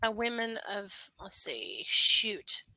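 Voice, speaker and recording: A woman's voice: medium pitch, sing-song, takes it slowly, sharp tone, poor audio. A woman co-hosting a casual live stream, teasing her partner and laughing often.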